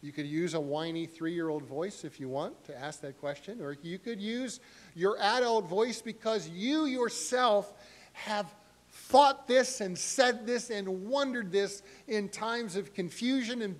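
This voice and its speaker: A middle-aged male pastor preaching a sermon in an animated way, acting out voices with sharp rises in pitch. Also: measured pace.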